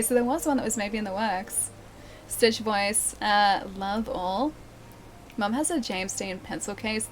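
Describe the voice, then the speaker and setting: A young woman livestreaming a game, chatting casually and giggling as she reads her chat aloud. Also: a little high. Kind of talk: casual live-stream chat.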